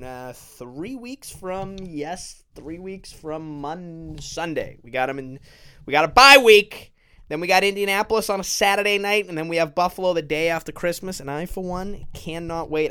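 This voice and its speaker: A young man rants through a solo sports podcast, swearing freely and breaking into sudden shouts. His voice is bright and forceful, clear and resonant, and sits a little high. He records alone in his bedroom. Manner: profane, fired-up ranting with sudden shouts. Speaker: podcast host.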